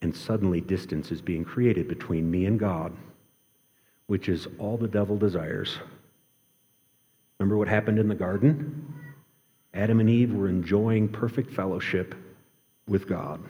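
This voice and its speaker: A man preaching a sermon in an earnest way, slowing and dropping his voice for emphasis. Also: low voice, steady tone. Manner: earnest, varies pace, drops to quiet emphasis. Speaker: pastor. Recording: long hall reverb.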